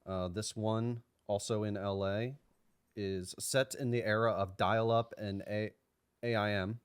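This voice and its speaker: Low-voiced man chatting on a podcast. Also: steady tone, a little slow, smooth, no room sound, clean studio sound. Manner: rambling, hedging with fillers and restarts. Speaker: podcast co-host. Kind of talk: casual chat.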